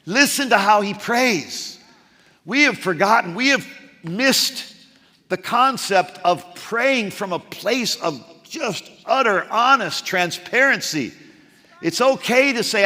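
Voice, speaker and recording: A man preaching a sermon as pastor, swinging from loud, emphatic outbursts to hushed, quiet passages. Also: extremely high pitch, lively intonation, unhurried, in a large hall.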